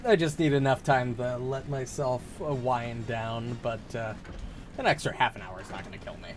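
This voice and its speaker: A young man talking casually at his desk mic during a game stream. He rambles, backtracks, and trips over his words as he thinks aloud. His voice sits at an ordinary middle pitch. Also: steady tone, moderate pace, a little hiss or hum. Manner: rambling, self-interrupting, laughs at the game. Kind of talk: casual live gameplay chat.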